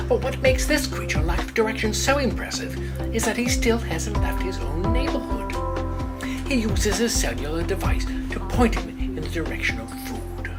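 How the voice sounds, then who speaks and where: A woman giving hushed, breathy narration in the style of a mock nature documentary, with music playing behind her. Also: fairly low pitch.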